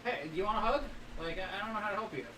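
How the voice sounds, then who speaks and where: A man's voice: high voice, expressive, racing, background noise. A man playing at a tabletop game, laid-back and rambling. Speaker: player. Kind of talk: casual chat at a game table. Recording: echoey room, far from mic, crowd chatter.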